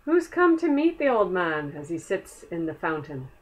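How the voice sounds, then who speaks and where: A woman reading a picture book aloud to children, gentle and asking the listener questions. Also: on the low side, very animated, normal speed. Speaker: storyteller.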